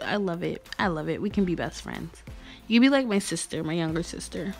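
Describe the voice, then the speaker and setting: A woman's voice: medium pitch, lively intonation, brisk, darkish tone. A young woman vlogger chatting casually and gushing as she reads fan messages aloud. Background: faint music.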